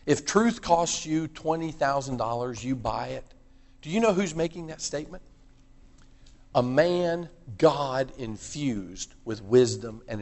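In a medium-pitched, darkish voice, a man gives a sermon, emphatic but conversational, asking his audience questions. A long hall reverb fills the recording.

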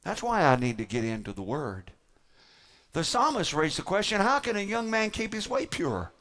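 A man with a notably high voice delivers a sermon to his congregation. He preaches emphatically, leaning on dramatic pauses and repeated phrases to drive each point home. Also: big pitch swings, a bit bright. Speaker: pastor.

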